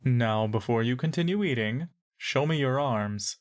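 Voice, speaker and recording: A woman's voice: very deep voice, expressive, measured pace, a little mellow. A woman voicing a cruel man who speaks in a falsely sweet, cooing way.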